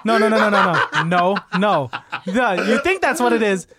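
A man's voice: high voice, lively intonation, normal speed, heavy background noise. A man on a podcast, telling a rambling story in casual chat, laughing at himself.

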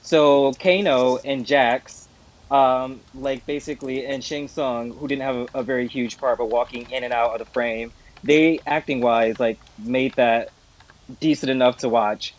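A man's voice: mid-range voice, steady tone, measured pace. A man co-hosting a casual podcast chat, joking and easygoing. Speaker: podcast co-host.

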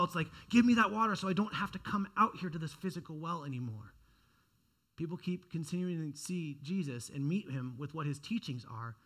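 A high-pitched young man delivers a sermon with earnest conviction. He restarts phrases often and swings between quiet, reflective stretches and louder, urgent pushes. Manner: earnest, repeats words and restarts phrases, dynamic rises and drops in loudness. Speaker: pastor.

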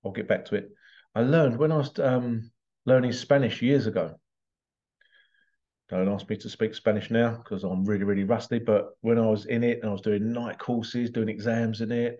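An English podcast host rambles through a casual solo monologue, drifting off on tangents and chuckling often. His voice is lowish and dark, and the recording is lo-fi.

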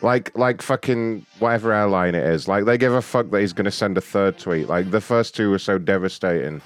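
A man's voice: on the low side, brisk, clear, resonant tone, soft background music. A man, a prank caller who swears constantly, mocks and laughs between his rants. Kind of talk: profane prank-call banter.

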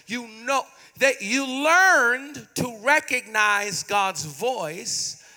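A male pastor preaching a sermon in a church, swinging between shouted, sung phrases and soft, pleading mock prayers. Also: very high-pitched, animated, extremely slow. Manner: acts out prayers in a softer, pleading voice. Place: church sanctuary.

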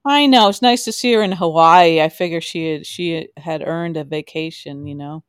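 A podcast co-host in casual chat about a soap opera, relaxed and rambling, often laughing. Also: medium pitch, normal speed, clean tone, no echo, studio quality. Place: home, Maine.

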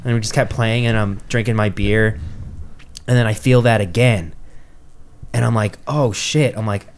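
A young man from New telling a story in casual chat, swearing freely and acting out quotes in a higher, louder voice. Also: normal speed, slight background noise. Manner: swears freely, acts out quotes with rising pitch.

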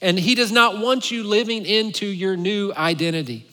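A male pastor delivers a sermon with playful, animated storytelling. His voice is high and bright and forceful. It rings through a church sanctuary with a long hall echo. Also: normal speed.

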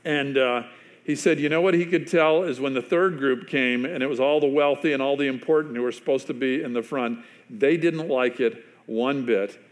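A man, a pastor preaching a sermon in a loose, conversational storytelling way, full of fillers and restarts, often dropping to a hushed voice to drive a point home. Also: medium pitch, a little fast. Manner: drops to a hushed, quieter voice for emphasis.

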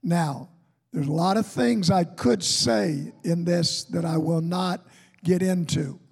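A high-pitched man preaching from the pulpit, his words unhurried and drawn out. His voice is husky and gravelly, carrying a long echo through the church hall. He moves between folksy storytelling and fervent exhortation. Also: a little mellow. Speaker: pastor. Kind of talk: sermon with storytelling. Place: church sanctuary.

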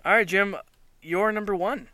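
A man's voice: high voice, moderate pace, over loud music. A man co-hosting a casual chat show, talking enthusiastically and rambling with many fillers. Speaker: podcast co-host.

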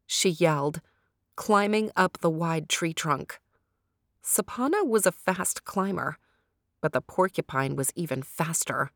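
A woman storyteller narrates a children's tale at a slow, deliberate pace. Her voice sits a little low. The recording is close and dry with no room sound. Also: expressive, dry recording. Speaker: storyteller host.

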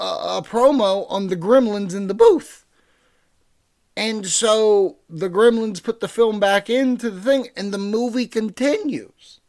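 Excitable rambling man, a bit high-pitched. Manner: excitable rambling with frequent swearing and fillers; animated, mixes loud bursts with mumbled asides. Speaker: pop-culture reviewer. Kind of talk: casual chat.

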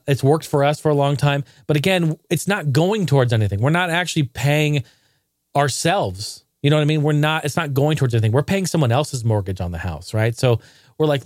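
A man vlogging to camera in casual, profane storytelling, jokey and animated, breaking into outraged bursts. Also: mid-range voice, no room sound, studio quality.

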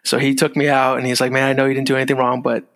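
A middle-aged man with a gravelly edge, recounting an old story in a relaxed, easygoing way. He laughs lightly along the way and acts out what others said. His voice carries a long, hall-like reverb, as if recorded in a big echoing room. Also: medium pitch, racing. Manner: laid-back, laughs while telling stories, acts out quoted lines. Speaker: guest, former security agent. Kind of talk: casual storytelling.

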